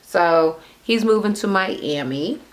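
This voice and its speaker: A woman's voice: mid-range voice, lively intonation, slow. A woman recapping a reality TV episode in a gossipy, profane, casual rant, acting out the cast members' lines as she goes. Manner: gossipy, profane, retells scenes by quoting the cast.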